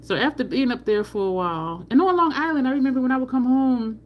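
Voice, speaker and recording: A woman's voice: high-pitched, lively intonation, fast talker, lo-fi sound. A middle-aged woman from New Jersey with a New Jersey accent, hosting a makeup livestream in a blunt, candid and profane casual chat. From New Jersey, USA. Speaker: makeup channel host.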